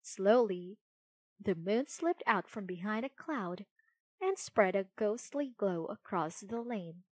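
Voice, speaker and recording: A woman reading a children's storybook aloud in a clear, deliberate way. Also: mid-range voice, expressive, darkish tone, no room sound. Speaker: narrator.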